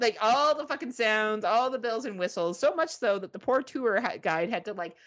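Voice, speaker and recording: A woman's voice: sits high, animated, normal speed, hardly any pauses, fairly bright tone. A woman co-hosting a podcast, telling a story in casual chat, swearing freely and mimicking beeping gadgets. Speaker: podcast co-host.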